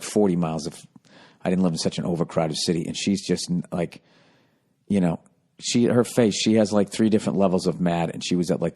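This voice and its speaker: On his comedy podcast, a male host spins a self-deprecating, foul-mouthed yarn as casual storytelling. He veers from quiet mumbles to sudden loud bursts.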